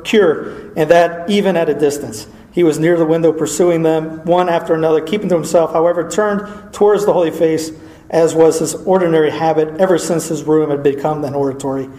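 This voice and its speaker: Man, mellow mid-high voice, reads a religious story aloud, casual asides, roomy echo. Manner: informal asides, chuckling, frequent fillers. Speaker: Catholic speaker reading from a saint's life. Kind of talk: reading aloud with casual commentary. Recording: echoey room.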